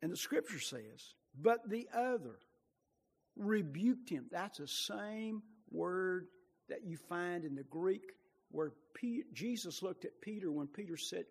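A man preaching a sermon with passion, rising to loud bursts and dropping to quiet, low asides. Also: lively intonation, unhurried, slightly rough, in a large hall.

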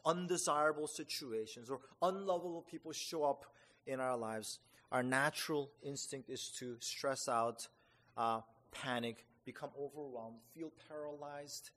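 Animated preacher in a reverberant hall. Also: male voice, normal speed. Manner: animated, acts out reactions with rising pitch; conversational, with fillers and restarts. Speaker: pastor. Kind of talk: sermon.

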